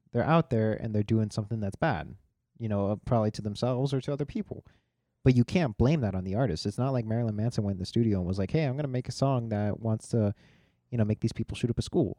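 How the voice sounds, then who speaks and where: Casual: young dude cohosting, low warm voice, slangy and chill, dry mic. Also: male voice, no echo. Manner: laid-back, slangy, animated. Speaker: podcast co-host. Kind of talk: casual chat.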